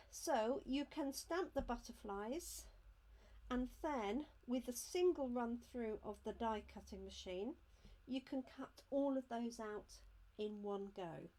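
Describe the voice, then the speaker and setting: During a live craft unboxing demo, a woman with a fairly high-pitched voice and dark tone handles items at her craft desk, chatting and explaining each step of the process.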